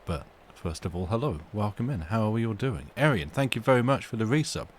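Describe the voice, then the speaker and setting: A fairly low-pitched man chatting casually with his live-stream viewers from home. He rambles and interrupts himself as he goes. A faint hum sits underneath the recording. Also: expressive, brisk. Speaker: livestream host reading stories aloud.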